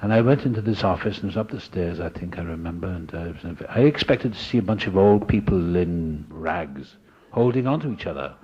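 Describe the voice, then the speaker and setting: A man's voice: low-pitched, a little fast, husky, dull audio. Older man telling his recovery story. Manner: animated, acts out voices of people he met. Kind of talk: personal storytelling to an audience.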